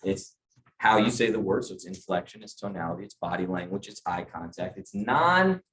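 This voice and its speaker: This middle-aged man, leading a group sales training, has a deep yet a bit bright voice, animated and fairly quick. He talks conversationally and keeps checking in with his audience, with slight background noise behind him.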